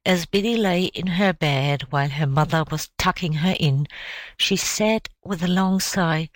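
A woman reading an audiobook in a measured, expressive way. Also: on the low side, no room sound, low-quality recording. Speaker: audiobook reader. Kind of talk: audiobook narration.

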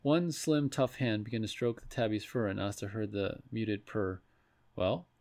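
Man, storybook narration, measured, deep, gravelly. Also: darkish tone. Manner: measured, with occasional slips and restarts. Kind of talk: storybook read-aloud narration.

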